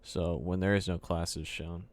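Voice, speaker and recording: A man's voice: deep voice, flat delivery, measured pace, no room sound. A man live-streaming a coding session, thinking aloud, muttering to himself with fillers while he types. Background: keyboard typing and clicks.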